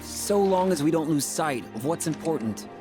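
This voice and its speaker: A man playing an upbeat young soldier, high and breezy. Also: expressive, moderate pace, natural voice. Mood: earnest upbeat. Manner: encouraging, breezy pep talk. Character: upbeat young male soldier, hopeful and earnest. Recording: game cutscene audio with music behind. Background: music.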